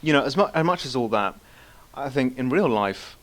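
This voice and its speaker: A man's voice: medium pitch, animated, normal speed, a bit bright. Brash, teasing male podcast guest. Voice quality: smoker's voice. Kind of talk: casual podcast banter.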